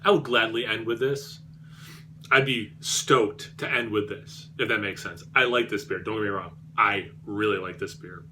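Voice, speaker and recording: A man's voice: fairly low pitch, fairly even intonation, moderate pace, sharp tone, a little hiss or hum. A man reviewing beer on his vlog, rambling and self-deprecating, with many fillers and restarts.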